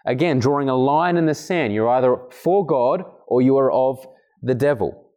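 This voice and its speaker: A man preaching an expository sermon, earnest and emphatic, occasionally clearing his throat between points. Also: expressive, moderate pace, warm tone. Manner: earnest, emphatic, acts out quoted speakers with raised pitch.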